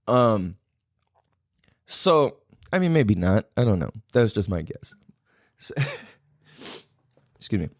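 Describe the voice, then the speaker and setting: A man's voice: medium pitch, no room sound, studio quality. A man hosting a podcast with a Southern Californian accent, talking loosely and profanely, laughing often in a casual solo monologue. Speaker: podcast host.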